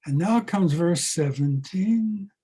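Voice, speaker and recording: An older man teaches a scripture class as a rabbi, speaking slowly and with weight. His voice sits high for a man yet sounds mellow and a little husky. He leans on repeated words to drive each point home. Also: animated. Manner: dramatic, repeats words for emphasis. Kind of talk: slow, emphatic scripture lesson.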